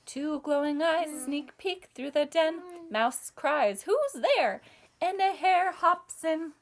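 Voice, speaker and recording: A woman's voice: high-pitched, takes it slowly. A woman teacher reading a picture book aloud to children in a sing-song way, asking them to join in. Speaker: music teacher.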